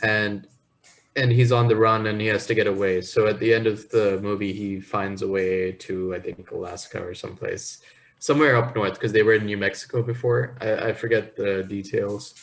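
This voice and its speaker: A man co-hosting a podcast, telling rambling stories in a casual, animated way. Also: on the low side, normal speed, vocal fry, poor audio. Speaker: podcast co-host. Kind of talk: casual chat.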